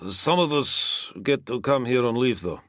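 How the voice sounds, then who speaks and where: A man's voice: medium pitch, expressive, measured pace, fairly bright tone, no echo, clean studio sound, voice pushed up. A man voicing a reserved young Roman soldier who answers in short, clipped lines. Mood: guarded. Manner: terse, clipped replies.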